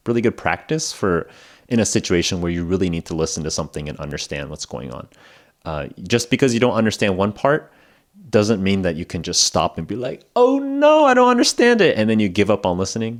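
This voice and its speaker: A man who lives in Japan hosts an English-learning podcast, giving a casual spoken lesson. His voice is deep, with lively intonation and a quick pace, and he rambles casually, using lots of fillers and laughing at himself.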